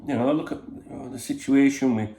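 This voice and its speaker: Talking to camera from home in Spain, a man with a mid-range, dark voice speaks a little fast in an echoey room. The channel host's casual chat wanders, is laced with swearing and leans heavily on "you know".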